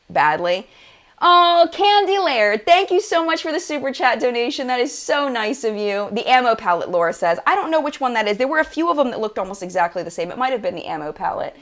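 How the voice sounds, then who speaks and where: A woman's voice: medium pitch, a bit bright. A woman hosting a casual live-stream chat about makeup, gushing and chatty, full of "like" and "oh my gosh". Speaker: beauty channel host.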